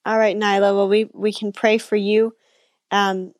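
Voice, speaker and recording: A woman co-hosting a live stream, praying for viewers and encouraging them in a gentle way. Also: mid-range voice, flat delivery, measured pace, dry recording, studio quality. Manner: gentle, encouraging, soft affirmations.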